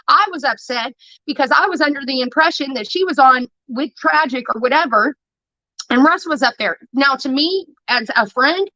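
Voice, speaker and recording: A woman's voice: high-pitched, bright, forceful tone, dry recording, lo-fi sound. A woman streamer delivering a heated, profane rant about a falling-out with a friend, talking straight into a close mic. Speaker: livestreamer. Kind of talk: ranting livestream monologue.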